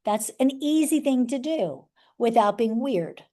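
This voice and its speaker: Woman teaching a seminar in front of a room, bit high voice, casual jokey asides, lots of "right?". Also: lively intonation, measured pace, dark tone. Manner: chatty, joking asides and frequent rhetorical "right?". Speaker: workshop presenter teaching sales skills. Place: room with a live audience.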